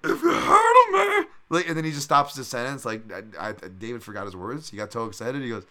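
A young man hosting a casual solo fight-breakdown podcast, rambling with lots of fillers and bursting into loud impressions. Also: on the low side, quick pace. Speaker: podcast host, MMA analyst.

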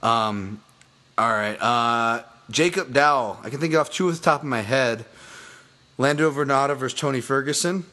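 A man's voice: mid-range voice, moderate pace, bright, forceful tone. Profane, rambling male podcast host. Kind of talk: casual sports podcast chat.

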